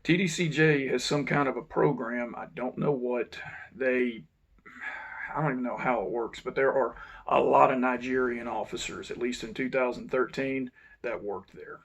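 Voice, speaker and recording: Gravelly ex-guard, blunt storyteller, mid-pitched, swears casually. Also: male voice, steady tone, normal speed. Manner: blunt, frank, swears now and then. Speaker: former correctional officer. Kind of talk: casual first-person storytelling.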